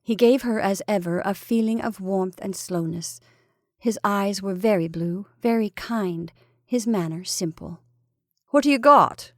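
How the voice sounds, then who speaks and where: A woman narrates a classic short story in a measured, careful reading voice, now and then sinking to a whisper on a phrase. Her pitch sits mid-range and the recording is dry and close. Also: mellow, no echo.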